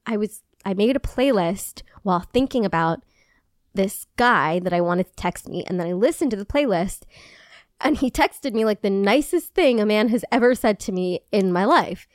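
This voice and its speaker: A woman co-hosting a podcast in casual chat, animated, laughing often and swearing freely. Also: mid-range voice, moderate pace, no room sound, clean studio sound. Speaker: podcast co-host.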